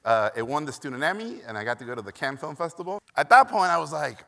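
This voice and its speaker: Fast and high-pitched, with big swings in pitch, vocal fry, a sharp tone and barely a pause, this Mexican keynote speaker tells his stories with animation. He leans on "uh" fillers and acts out quotes. His stage mic picks up the echo of a large hall.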